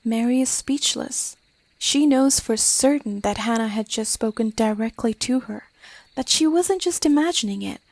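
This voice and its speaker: A woman narrating a scripted horror story, often dropping to a hushed, slow, whispery delivery. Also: a little high, dry recording. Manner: hushed, slowing to whispery dread.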